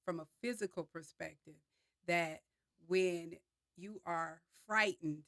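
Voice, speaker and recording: Female host, lowish voice, animated storyteller in casual chat, dry recording. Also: slow pace, no room sound. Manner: animated, storytelling with fillers and laughter. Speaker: discussion host. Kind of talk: casual group discussion.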